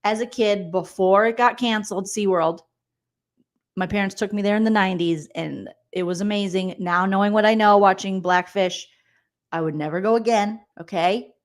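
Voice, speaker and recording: Woman in her 40s hosting a reality tv recap, chatty, jokey, tossing off asides. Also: medium pitch. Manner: chatty, jokey, quick asides and mock voices. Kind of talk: casual comedic recap with viewer shout-outs.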